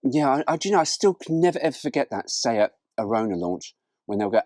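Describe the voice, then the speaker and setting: A man hosts a casual car vlog. His husky voice swings up and down a wide range. He rambles cheerfully through jokes and asides. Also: mid-range voice, quick pace, no room sound. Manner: animated, jokey, rambling. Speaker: host.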